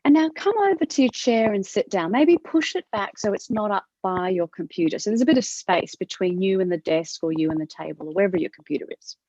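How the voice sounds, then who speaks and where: A woman with an Australian accent teaching a movement class over a video call, asking gentle questions with a rising lilt. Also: mid-range voice, animated, a little fast, few pauses, no echo. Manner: gentle questioning, upward inflection. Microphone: video call from her computer. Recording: dull lo-fi video call audio.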